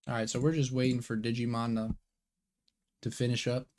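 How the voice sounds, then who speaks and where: A man's voice: medium pitch, little pitch movement, a little fast, a little mellow, slight background noise. A young man hosting a live card game watch party, chatting casually in slang and answering viewer questions aloud. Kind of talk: casual live-stream chat.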